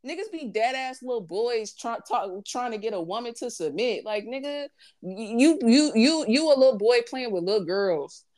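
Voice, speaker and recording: A woman's voice: fairly high pitch, lively intonation, normal speed, darkish tone. A woman, talking bluntly and profanely in casual chat, repeating her points for emphasis.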